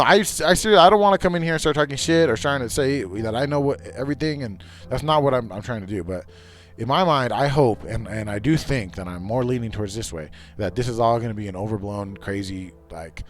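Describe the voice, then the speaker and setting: A man hosting a livestream, chatting casually in a rambling, profane way with many restarts. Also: lowish voice. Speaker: livestream host.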